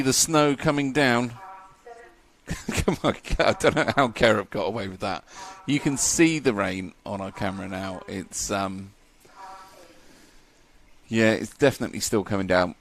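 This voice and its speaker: A man's voice: lowish voice, measured pace, long pauses, fairly bright tone. A man giving live commentary at a model car race, chatty and joking, laughing often.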